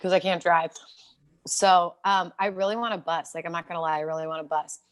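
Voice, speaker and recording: A young woman talks on a casual podcast, her voice sitting a little low. She rambles through stories, laughs easily and swears without hesitation. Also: steady tone, brisk. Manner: profane, laughing, rambling storyteller. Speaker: podcast co-host.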